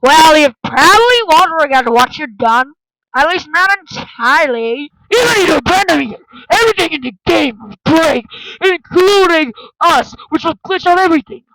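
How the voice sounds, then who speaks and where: A woman doing a solo fan dub of an animation, voicing every character with lots of yelling and screaming, through a deliberately overdriven mic. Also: very high voice, animated, no echo, heavily acted, low-quality recording. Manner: yelling, screaming, dramatic shifts between roles. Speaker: fan voice-over artist. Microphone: deliberately distorted cheap mic.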